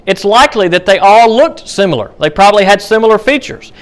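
A man's voice: high-pitched, animated, fast. A man teaching a Bible study class in a conversational way, with many fillers and restarts. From United States.

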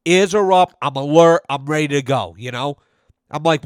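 A young man rants on his podcast with a slightly high voice, swearing freely and acting out the people in his stories. The sound is dry and close, with no room around it. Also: brisk, no echo. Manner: profane, animated storytelling with quoted voices. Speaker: podcast host. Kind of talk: casual ranting monologue.

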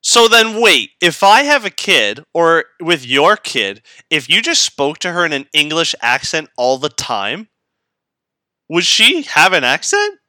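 A young man from Canada co-hosting a podcast, chatting casually, swearing freely and laughing loudly. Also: on the high side, huge pitch swings, measured pace, no room sound, studio quality. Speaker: podcast co-host. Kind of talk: casual chat.

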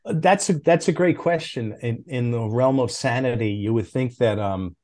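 A middle-aged man, a former comics editor, telling stories as a podcast guest in a lively, casual way, with big swings in pitch. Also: moderate pace. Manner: animated anecdotes, with big jumps in pitch.

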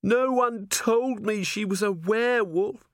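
A man's voice: sits high, big pitch swings, a little slow, fairly bright tone, no echo, clean studio sound, voice pushed up, full character voice. A man voicing a timid young female dwarf corporal in an audiobook, nervous and apologetic. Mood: flustered.

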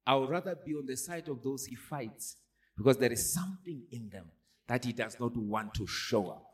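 Animated and medium in pitch, this man preaches at normal speed. His sermon keeps pressing the congregation with call-and-response questions, repeating lines such as "are you hearing me."

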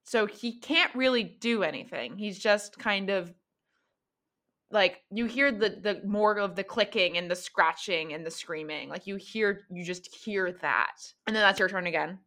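A woman narrating as game master in a tabletop game, with a bright, clear tone. She talks casually and loosely, full of "like" and restarts. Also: mid-range voice, a little slow. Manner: casual, filler-heavy narration.

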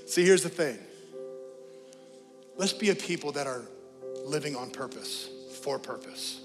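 A man preaching a sermon as pastor, telling lively stories and then leading a quiet prayer and altar call in a church. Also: fairly high pitch, unhurried, long pauses, in a large hall, faint music behind. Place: church sanctuary.

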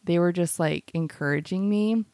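A woman's voice: on the low side, normal speed, mellow, no echo. A woman co-hosting a casual podcast chat, rambling through a personal story with a constant "like". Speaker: podcast co-host.

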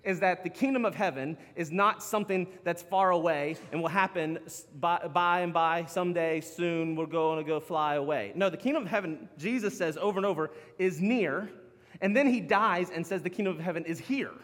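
A man with a fairly high voice preaches a sermon, casual and animated, breaking into laughter between points. His voice rings with a long reverb, like a church sanctuary. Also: normal speed. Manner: animated, chatty, laughs often. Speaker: pastor.

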